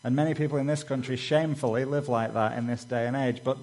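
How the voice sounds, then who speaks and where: Male preacher, mid-pitched, chatty sermon delivery with lively storytelling. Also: fast talker, poor audio. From Britain. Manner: conversational, frequent "you know" asides; acts out quoted dialogue with raised voice.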